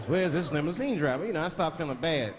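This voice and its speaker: A male stand-up comedian with a fairly high, very lively voice, telling a rambling, profane story and slipping into acted-out quotes. He is recorded live on stage, with a loud audience and background noise around him. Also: quick pace, crowd noise.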